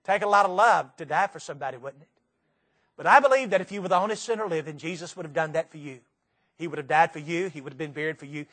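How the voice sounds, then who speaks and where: High-voiced Southern preacher, earnest and emphatic. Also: male voice, a bit bright. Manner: earnest, repetitive, slow emphatic phrases. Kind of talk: sermon. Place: church sanctuary.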